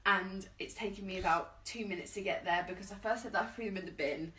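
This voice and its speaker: A woman's voice: medium pitch, quick pace, fairly bright tone, husky, low-quality recording. A woman in a casual joking chat, telling silly stories and teasing playfully through laughter.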